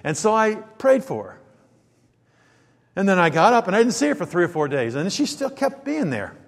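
A man with a fairly high voice preaches a storytelling sermon. He drops into hushed, nearly whispered asides, then climbs to loud, emphatic lines. A long reverb trails every word, as in a large hall. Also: sing-song, moderate pace, vocal fry. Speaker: pastor.

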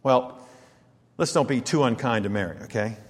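A man preaching a sermon in an animated way, firing rhetorical questions and acting out quoted lines. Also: medium pitch, moderate pace, big-room sound.

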